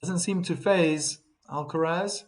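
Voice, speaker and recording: In a slightly high voice and at a slow pace, a man narrates a tennis match live on stream. He stays calm between points, rises with the big shots, and reads the viewer chat aloud.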